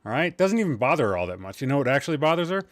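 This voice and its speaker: In a dry recording, a man chats very fast in a mid-range, sing-song voice while hosting a casual gaming stream. He's worn out and a little loopy, wandering between topics, cracking jokes at his own expense, and dropping the odd swear word.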